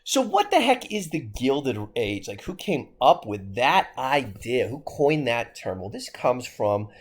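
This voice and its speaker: A man's voice: medium pitch, sing-song, unhurried, slightly rough. A man with a Midwestern American accent giving a history lecture to his class, asking rhetorical questions as he goes. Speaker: history teacher.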